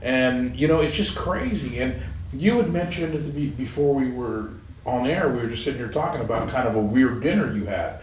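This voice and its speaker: A man's voice: mid-range voice, animated, fairly quick. A man hosting a casual podcast chat, rambling and swearing freely as he talks. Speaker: podcast host. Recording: roomy echo, mic at a distance, faint noise.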